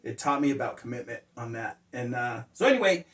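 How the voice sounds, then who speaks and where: A man's voice: mid-range voice, lively intonation, a little fast, a bit bright. A man telling personal stories as life lessons in a casual, rambling way, full of "uh" fillers and blunt, profane language. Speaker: motivational speaker sharing life lessons. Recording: roomy sound, distant mic.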